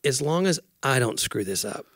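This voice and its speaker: A man's voice: mid-range voice, animated, normal speed, fairly bright tone, dry recording. A man co-hosting a podcast, telling embarrassing stories in casual chat and laughing often. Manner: storytelling, self-deprecating, laughs often. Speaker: podcast co-host.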